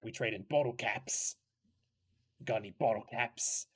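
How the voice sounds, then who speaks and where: A man's voice: on the low side, a little slow, a bit bright, slightly rough, voice pushed down. A man voicing a shady teenage boy who sells junk out of his trench coat, with a sly, sinister salesman manner.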